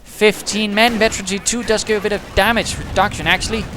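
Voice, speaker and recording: A man giving quick, chatty play-by-play commentary on a strategy game, with dry humour and British turns of phrase. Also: sits high, fairly even intonation, noisy background.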